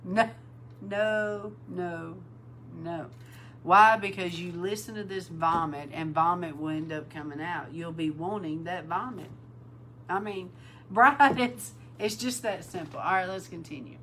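A woman preaching an informal sermon, calling her listeners bride and repeating words for emphasis, sometimes breaking into loud exclaims. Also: lowish voice, measured pace, a little hiss or hum, poor audio.

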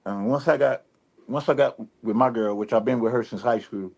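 A man with a Detroit drawl speaks in a laid-back, rambling way, circling back with fillers and restarts as he talks through his thoughts. His voice sits at a middling pitch. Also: brisk, gravelly, darkish tone. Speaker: rapper guest. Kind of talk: casual interview talk.

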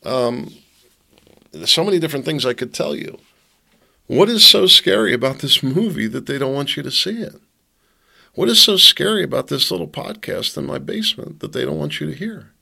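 Gravelly, bright-toned male podcast host. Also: a little high, animated, moderate pace. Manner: rambling, restarts and trails off. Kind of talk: casual opinion monologue. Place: home basement.

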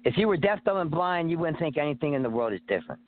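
A man's voice: fairly high pitch, very animated, fast. A man calling in to a talk radio show, talking in a rambling, profane, streetwise way. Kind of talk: casual phone-in chat. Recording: tinny phone line.

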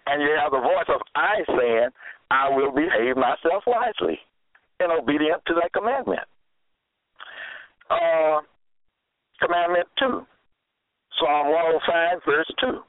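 A man's voice: fairly high pitch, expressive, measured pace, pauses often, no echo. A man preaching a sermon, exhorting and scolding his listeners and repeating his phrases. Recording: tinny phone-like, dry sound.

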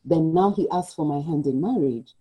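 A woman pastor telling her own story as an interview guest, lively and quick to act out quotes. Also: deep voice, slightly rough, low-quality recording. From Kenya. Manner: animated storyteller, acts out quotes, laughs often. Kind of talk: personal testimony in conversation.

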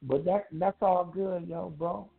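A man's voice: high-pitched, fairly even intonation, unhurried, soft background music. A man calling in to a talk show, chatting casually in a laid-back, slangy way and laughing often. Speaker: caller. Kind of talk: casual call-in chat. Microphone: phone. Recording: gravelly voice over phone line.

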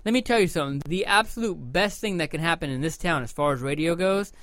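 A man's voice: a little high, fast, a bit bright, dry recording. A man co-hosting a podcast, talking in a rambling, emphatic way and swearing freely. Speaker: podcast co-host. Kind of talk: casual profane chat.

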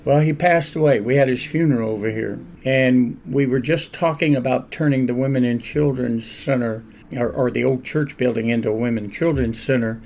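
An older man, a pastor, telling stories in a relaxed, conversational interview and laughing often along the way. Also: medium pitch, normal speed, slight background noise. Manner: animated anecdotal storyteller, laughs often.

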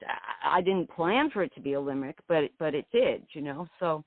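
A woman's voice: low voice, lively intonation, a little fast, dry recording. Reflective woman poet on a tinny phone line. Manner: meandering, reflective. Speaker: poet guest. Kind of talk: radio interview.

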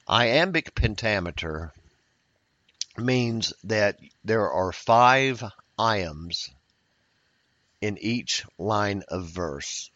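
Slow, low-voiced man teaching a workshop. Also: fairly bright tone, no echo, lo-fi sound. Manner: patient, explanatory, with fillers and repetitions. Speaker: poetry workshop leader. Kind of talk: workshop lecture.

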